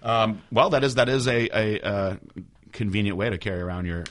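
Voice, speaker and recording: A man co-hosting a casual podcast, telling animated stories, swearing freely and acting out what others said. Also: on the low side, fairly quick. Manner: animated storyteller, swears freely, acts out quotes. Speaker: podcast co-host. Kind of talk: casual chat.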